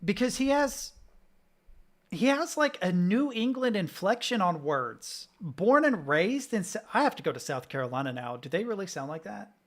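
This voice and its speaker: On a live stream, a man from the Southern United States reacts to clips with casual, profanity-laden ranting. His voice sits high and is a bit bright, animated, at normal speed.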